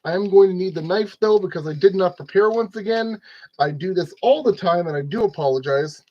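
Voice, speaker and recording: A man's voice: high voice, a little fast, lo-fi sound. A man narrating a model kit build in a casual, rambling way, scolding his tools and joking at his own expense. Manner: rambling, talks to objects, self-deprecating.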